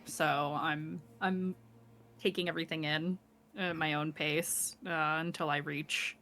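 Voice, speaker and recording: A woman's voice: deep voice, steady tone, measured pace, pushed and bright, soft background music. A woman playing a character in a tabletop role-playing game, casual and dry. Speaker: player.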